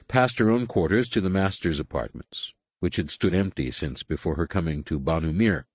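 A man reading a science fiction novel aloud as a narrator, with measured, expressive storytelling. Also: low-pitched, no echo. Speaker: audiobook narrator. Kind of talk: scripted narration.

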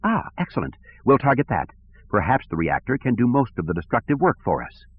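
A man's voice: fairly low pitch, very animated, fast talker, breathy edge, exaggerated voice. A man voicing a rigid, ruthless female admiral who gives curt commands, on a tinny recording. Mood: eager. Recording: tinny phone-like sound.

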